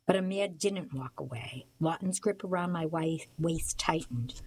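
A woman reading a novel aloud for a radio reading service, in a steady, plain storytelling manner. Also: deep voice, unhurried, rough recording.

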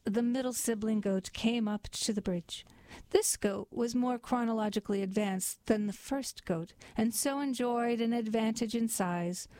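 A woman reading a fairy tale aloud in a deadpan, mock-formal storybook narration. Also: mid-range voice, no echo.

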